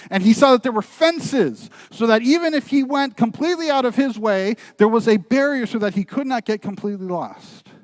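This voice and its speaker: Male pastor, storytelling sermon voice, slightly high, dry close sound. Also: no room sound. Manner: storytelling, building to earnest, quieter exhortation. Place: church.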